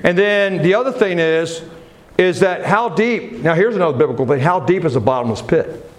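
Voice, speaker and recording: A man's voice: on the high side, normal speed. A man preaching a sermon in a church, talking casually and putting questions to his congregation. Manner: conversational, asks questions of the congregation.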